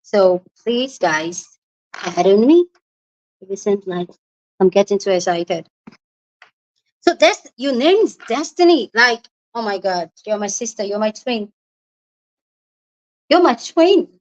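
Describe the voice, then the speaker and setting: A woman from Nigeria, hosting a casual live-stream chat from a room at home and squealing and shouting when excited. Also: medium pitch, a little slow, long pauses, highs cut off. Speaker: livestream host.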